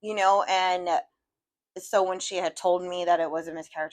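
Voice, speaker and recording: A woman's voice: lowish voice, brisk. A woman co-hosting a podcast, talking bluntly and swearing freely in casual chat. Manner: blunt, profane, outspoken. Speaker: podcast co-host.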